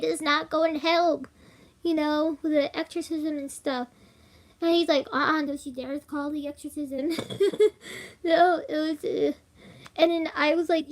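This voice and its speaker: A young woman with a twang tells a spooky story straight to her audience. Her voice sits high and bright, and she rambles loosely, with plenty of "like" and little giggles. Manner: rambling, filler-heavy, giggly. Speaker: vlogger. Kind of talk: casual storytelling to camera.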